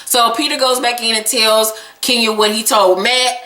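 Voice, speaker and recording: A woman vlogger recapping a reality episode in casual, profane, animated storytelling. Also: on the high side, normal speed, echoey room. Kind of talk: casual chat.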